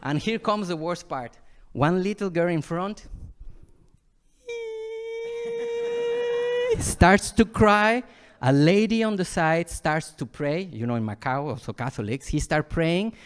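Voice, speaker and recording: A man from Mexico, a Buddhist monk, gives a dharma talk in a fairly high voice. He tells his story with vivid sound effects and acted-out moments. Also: sing-song, unhurried, long pauses.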